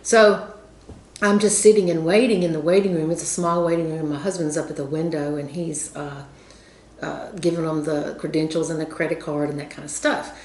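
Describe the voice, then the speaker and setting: A woman's voice: sits low, steady tone, normal speed, a little mellow. A woman with a Southern American accent, telling a story casually to her viewers in a chatty, rambling way with lots of fillers. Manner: chatty, rambling with many fillers, laughs often. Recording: roomy echo.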